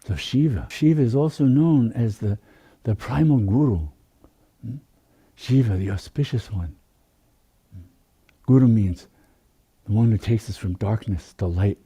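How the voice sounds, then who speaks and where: Meditation teacher, male, low husky voice, very slow and gentle. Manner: soft, unhurried, drawn-out phrasing. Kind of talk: slow spiritual talk.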